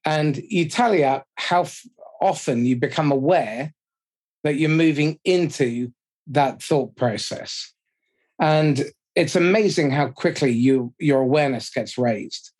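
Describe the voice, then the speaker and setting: A man hosting a podcast conversation who explains things in a measured, reflective way, step by step. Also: a little high, darkish tone.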